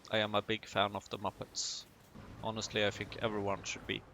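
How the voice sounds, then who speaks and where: Guy chatting slow over his factory game, gravelly voice, bright edge, joking at himself. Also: fairly low pitch, completely flat delivery, a little hiss or hum. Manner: chatty, self-mocking asides while building. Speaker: gaming video host. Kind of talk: casual let's-play commentary.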